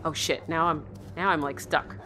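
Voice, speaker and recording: A woman playing a horror game and commenting as she goes, jumpy, yelping when startled and muttering quietly when she is tense, often calling to her in-game dog. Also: low voice, fairly even intonation, moderate pace, background noise. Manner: jumpy, yelps and shrieks, then drops to a hushed mutter. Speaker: let's play streamer.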